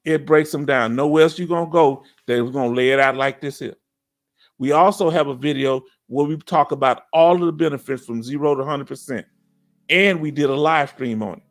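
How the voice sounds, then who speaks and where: A middle-aged man with a Southern US accent hosts a casual veterans' live stream. He reads viewer comments and keeps checking in with "you understand?". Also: fairly high pitch. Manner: animated, preachy, keeps asking "you understand?".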